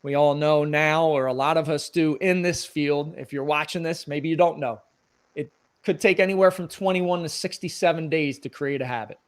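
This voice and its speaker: Middle-aged male guest, slightly higher voice, earnest motivational coach delivery. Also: steady tone, normal speed. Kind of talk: conversational interview.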